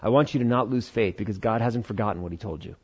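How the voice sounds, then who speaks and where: A man's voice: fairly low pitch, quick pace, breathy edge. Man preaching casually, slightly muffled. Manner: conversational preaching, acts out Bible dialogue in voices. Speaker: pastor. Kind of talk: sermon.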